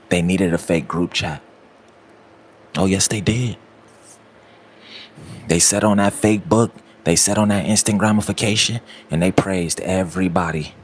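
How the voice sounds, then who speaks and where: A man's voice: low-pitched, slight background noise. A man, giving a repetitive, preachy motivational talk aimed straight at the listener. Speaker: motivational speaker.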